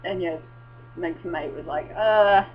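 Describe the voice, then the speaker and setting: A woman's voice: lowish voice, slow pace. Rambling, swearing woman on a dull lo-fi recording. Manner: rambling, swears, excitable exclamations. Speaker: vlogger. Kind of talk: casual rambling chat. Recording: dull lo-fi with faint mains hum.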